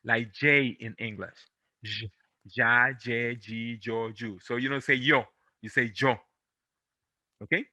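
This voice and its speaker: During an online pronunciation lesson in English, a Latin American Spanish teacher from America, a native Spanish speaker, speaks with medium pitch and fairly even intonation, free of room sound. He patiently repeats syllables slowly, correcting gently and reassuring.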